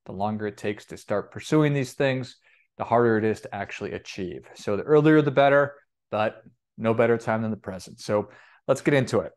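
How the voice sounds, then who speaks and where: A man coaching on personal finance in an upbeat, energetic motivational talk, often repeating himself and restarting phrases. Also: fairly low pitch, a little fast.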